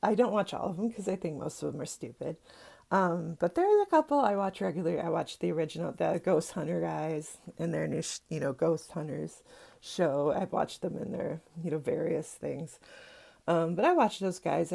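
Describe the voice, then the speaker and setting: A woman's voice: sits low, lively intonation, normal speed, vocal fry, warm tone, slightly rough. A middle-aged woman, a psychic teacher, chatting casually to camera at home, rambling with lots of fillers and asides.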